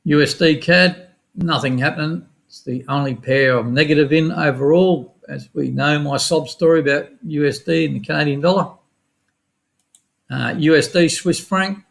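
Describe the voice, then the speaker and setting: A middle-aged man with an Australian accent walking through his forex trades in a quick, casual, matter-of-fact way with some slang. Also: fairly high pitch, creaky. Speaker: forex trading educator. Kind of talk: screen-share chart walkthrough.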